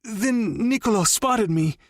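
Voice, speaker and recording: A man's voice: expressive, takes it slowly, dry recording, studio quality, full character voice. A man voicing a sobbing, terrified male captive. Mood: terrified pleading. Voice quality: high strained cries.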